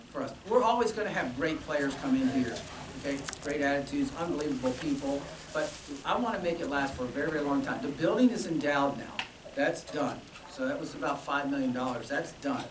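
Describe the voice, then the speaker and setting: A man, a band director, talking casually to alumni, chatty and telling stories with quoted dialogue. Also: on the high side. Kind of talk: informal speech to alumni. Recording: echoey room from far off, with noise.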